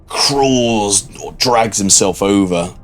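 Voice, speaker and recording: A man narrating a tabletop game as its game master in a relaxed, unhurried way. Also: on the low side.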